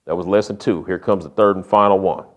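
A man's voice: low voice, fairly even intonation, fast. A man preaching a sermon, telling stories in a folksy, humorous way. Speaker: pastor.

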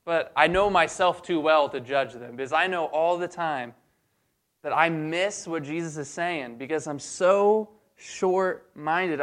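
A man preaching a sermon in a casual, humorous way, acting out quick bits of dialogue. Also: fairly high pitch, a bit bright. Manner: conversational and humorous, acts out voices of the disciples.

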